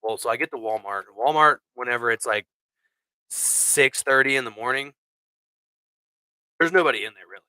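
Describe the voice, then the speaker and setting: A man hosting a podcast, telling a crude story in a casual, animated way, swearing a lot. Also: mid-range voice, normal speed, long pauses, smooth, dry recording, poor audio. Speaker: podcast host.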